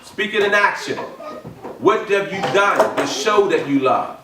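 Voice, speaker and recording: A man preaching a sermon, repeating his points with emphasis and building up to shouts. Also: high-pitched, lively intonation, measured pace, background noise. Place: church or ministry hall. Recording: echoey room from a distant mic.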